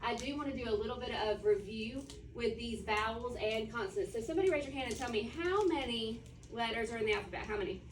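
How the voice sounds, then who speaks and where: Woman, elementary teacher, drilling phonics call-and-response; slightly high voice, roomy classroom, distant mic. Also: animated, a little hiss or hum. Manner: call-and-response questioning, drawn-out sounding out. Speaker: first grade teacher. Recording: echoey classroom from far off.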